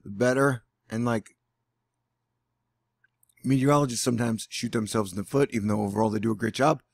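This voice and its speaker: Brief: male vlogger, gravelly, dry close sound, sarcastic and rambling. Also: mid-range voice, no room sound. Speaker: weather vlogger. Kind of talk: casual vlog commentary. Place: indoors at home.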